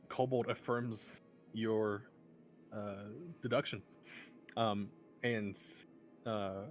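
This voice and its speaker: A man narrating a tabletop game as game master, hesitant, with many ums and uhs. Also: lowish voice.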